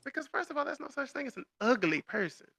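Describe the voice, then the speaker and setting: High, lively-voiced man on a podcast. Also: fast, creaky, no room sound, studio quality. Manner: laughs often, animated storytelling. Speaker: podcast co-host. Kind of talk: casual chat.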